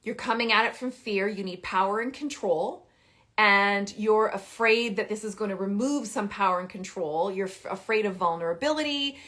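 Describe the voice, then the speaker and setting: A woman giving parenting advice in a live stream, talking emphatically and repeating key phrases, with big jumps in pitch and loudness. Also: moderate pace. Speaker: parenting coach.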